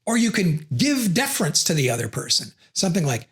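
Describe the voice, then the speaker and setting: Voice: mid-range voice, big pitch swings, brisk. A presenter explaining communication theory, who acts out sample refusals between the explanations. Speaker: educational video presenter.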